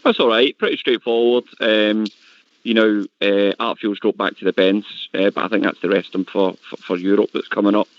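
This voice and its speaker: A man's voice: lowish voice, fairly even intonation, moderate pace, no room sound. A man with a Scottish accent calling into a fan show, easygoing and saying mate a lot. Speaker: caller. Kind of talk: casual call-in chat. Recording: dry, lo-fi call audio.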